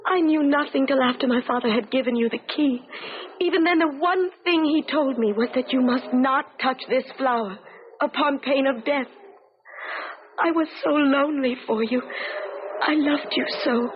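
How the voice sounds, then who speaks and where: A woman playing a high, pleading, lonely young maiden. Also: normal speed, slight background noise, natural voice. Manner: pleading, emotional. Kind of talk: 1970s radio drama acting. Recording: tinny, phone-like old radio broadcast.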